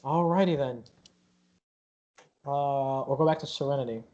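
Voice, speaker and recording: A man's voice: medium pitch, mellow, dull audio. Man rambling as game master. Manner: loose, halting narration full of fillers. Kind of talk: narrating a tabletop game.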